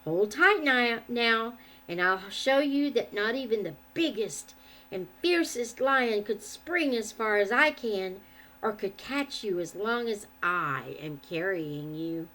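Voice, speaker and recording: A woman voicing a kind, cheerful male shepherd who speaks gently. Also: mid-range voice, animated, slow pace, rough recording. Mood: kindly.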